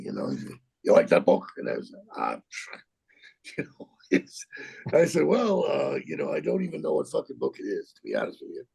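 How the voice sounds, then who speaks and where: Gravelly husky older man telling a story. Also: medium pitch, a little mellow. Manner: rambling, profane, halting with repeats and laughs. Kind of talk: anecdotal storytelling in an interview.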